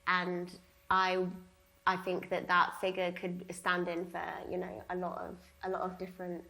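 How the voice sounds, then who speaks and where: A woman's voice: on the low side, completely flat delivery, normal speed, pushed and bright. A young woman speaking as an artist in a public gallery conversation, chatty, with many fillers and frequent laughs. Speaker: artist discussing her exhibition. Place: gallery talk before an audience.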